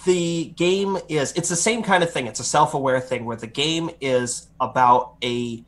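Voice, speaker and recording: This man co-hosts a gaming podcast, speaking at normal speed with a medium-pitched voice. He chats casually, rambling through his opinions on games, correcting himself as he goes and slipping into animated impressions.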